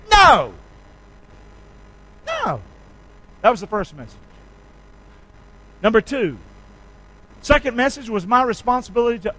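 A male pastor preaching a sermon, leading his congregation in call-and-response and swinging from shouts to quiet asides. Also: very high voice, no echo, rough recording. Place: church sanctuary.

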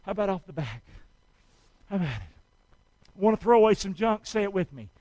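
Male preacher, high and dry, call-and-response sermon with shouts and hushed asides. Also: sing-song, fairly quick, no room sound, rough recording. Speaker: pastor.

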